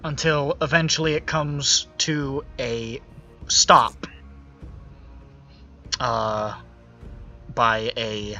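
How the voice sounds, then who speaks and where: A man running a tabletop game as game master, narrating in an unhurried, descriptive way. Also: mid-range voice, little pitch movement, pushed and bright. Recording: dull lo-fi audio with faint music.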